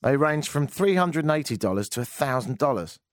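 A man hosting a talk radio show, rambling through a monologue with a wry, self-mocking streak. His pitch jumps up and down a lot as he talks. The studio sound is dry and close, with no room echo. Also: expressive, a little fast.

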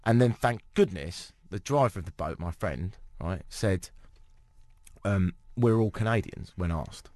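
This is a British man hosting a casual radio chat, wry and self-mocking as he tells a long story. His voice swings lively in pitch. The sound is dry and close. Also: measured pace, dry recording. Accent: British English. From Britain. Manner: wry, self-mocking anecdotes with acted-out quotes. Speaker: radio show host.

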